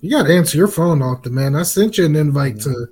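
A man's voice: on the high side, expressive, fast talker, crowd noise. A man chatting casually as a guest on a talk show, easygoing. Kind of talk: casual chat.

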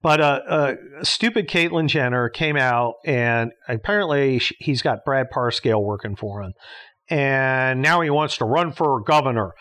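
A man's voice: mid-range voice, normal speed, a bit bright. A man hosting a podcast in a casual monologue, talking bluntly and sarcastically, swearing often and restarting his sentences. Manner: blunt, sarcastic, profane ranting with frequent restarts. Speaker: podcast host.

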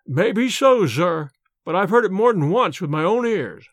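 A man's voice: high voice, lively intonation, measured pace, no room sound. A man voicing a little wrinkled old manservant who is fretful and gossipy, talking with rustic grammar and nervous deference. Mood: anxious, confiding.

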